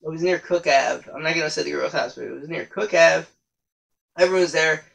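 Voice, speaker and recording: A man's voice: fairly high pitch, brisk, creaky, a bit bright, low-quality recording. A young man telling stories in a casual, rambling podcast monologue, with frequent profanity and self-corrections. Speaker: podcast host.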